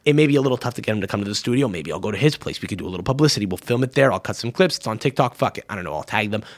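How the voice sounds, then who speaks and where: A man in his thirties hosting a podcast, chatting casually and telling stories in a profane, animated way. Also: on the low side, very fast, dry recording. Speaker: podcast host. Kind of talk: casual chat.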